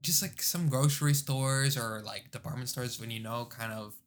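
A man's voice: medium pitch, fairly even intonation, moderate pace. A young man chatting casually in a laid-back way, telling stories with slang asides. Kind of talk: casual chat.

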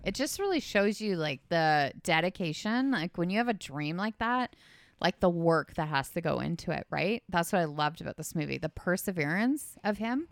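A woman chatting casually, reflecting in a relaxed, agreeing way. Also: lowish voice, moderate pace, dry recording. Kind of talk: casual chat.

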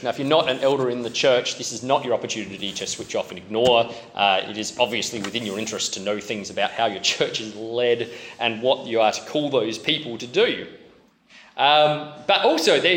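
A man's voice: medium pitch, fairly bright tone. A man preaching a sermon in a chatty, self-deprecating way, with many fillers and restarts. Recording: roomy echo.

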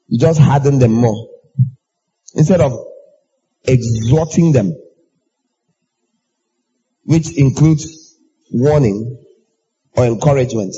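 A man preaching a sermon in an animated way, acting out everyday exchanges in raised voices. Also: breathy edge, muffled recording. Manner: animated, acts out dialogue in high voices.

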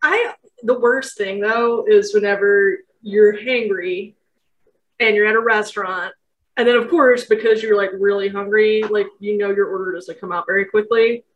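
A woman's voice: medium pitch, fairly even intonation, moderate pace, lo-fi sound. A young woman co-hosting a podcast in casual chat, candid and laughing, swearing now and then. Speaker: podcast co-host.

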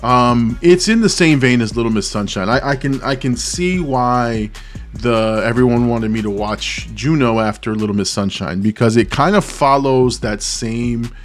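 Earnest man musing about a film. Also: medium pitch. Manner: thinks aloud, searching for words and circling back; earnest and open about his feelings. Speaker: movie reaction channel host. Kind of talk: casual spoken movie review.

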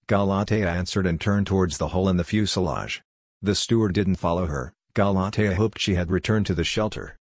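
Low, husky male narrator. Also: brisk, dry recording, studio quality. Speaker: audiobook narrator. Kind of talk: scripted narration.

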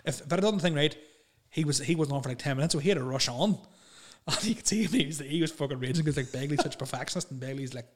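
A man telling a rambling, animated story in casual chat, laughing and swearing as he goes. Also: a little high, rapid-fire, few pauses. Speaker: podcast guest telling stories.

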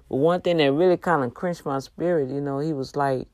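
A woman's voice: sits low, a little mellow, no echo. Earnest woman exhorting on a faith livestream. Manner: earnest, exhorting, preacher-like, drawn-out emphasis. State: tired, yawning. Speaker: livestream host. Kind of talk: casual faith talk on a livestream.

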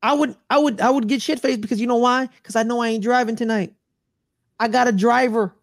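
A man's voice: very high voice, fairly even intonation, fairly quick, dry recording, studio quality. A man co-hosting a sports podcast, ranting in a loose, slangy way and repeating himself. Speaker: podcast co-host. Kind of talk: casual sports chat.

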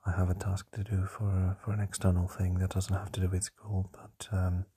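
A young man whispers his nightly podcast diary while lying down, keeping quiet for housemates asleep nearby. His voice is low, dark and very breathy, and he talks slowly and flatly, pausing often on fillers. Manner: soft whispering, hesitant with many fillers. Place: lying down in a shared home at night.

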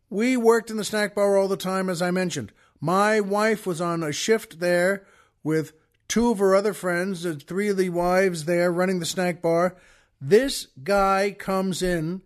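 Male host with a folksy, chatty storytelling manner and a voice pitched a bit high. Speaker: podcast host. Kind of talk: storytelling monologue.

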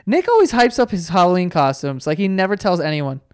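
A young man with a slightly raised pitch jokes around on a podcast, teasing his co-host and laughing easily. His voice sounds close and dry, with little room around it. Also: very animated, darkish tone, clear, resonant tone, dry recording. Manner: quick to laugh, teasing, swears often. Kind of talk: casual chat.

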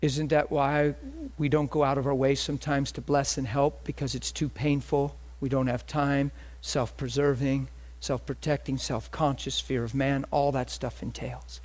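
A man preaching a sermon, animated, with quick asides and rhetorical questions. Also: medium pitch. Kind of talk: sermon with storytelling.

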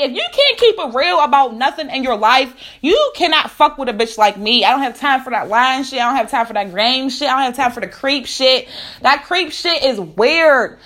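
A woman's voice: high voice, fairly bright tone. A woman, ranting bluntly to camera, profane and emphatic with repeated rhetorical questions.

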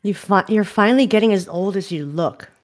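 A woman's voice: medium pitch, a little fast. A woman in her thirties co-hosting a podcast, candid and teasing, laughing often. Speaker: podcast co-host. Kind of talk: casual chat.

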